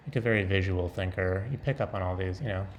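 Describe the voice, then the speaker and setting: A man's voice: low voice, fairly even intonation, fast, slight background noise. A man talking off the cuff in a casual vlog, rambling, breaking off mid-thought and laughing often.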